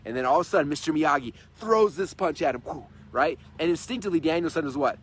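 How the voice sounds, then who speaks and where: A man in his thirties giving an energetic, repetitive, persuasive motivational talk on a livestream from his in-laws' home. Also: fairly high pitch, fast, a little hiss or hum. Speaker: host and coach.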